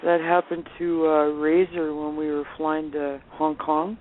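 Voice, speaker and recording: A woman's voice: low-pitched, measured pace, a little hiss or hum. Laughing woman on a tinny phone line. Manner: laughing, animated anecdotes. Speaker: guest. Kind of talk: casual storytelling on a phone interview. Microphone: telephone.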